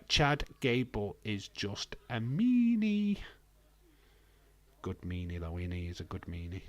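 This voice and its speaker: A Welsh man from Wales, hosting a wrestling watch-along stream with rambling, jokey, sweary casual commentary on a close mic. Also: medium pitch.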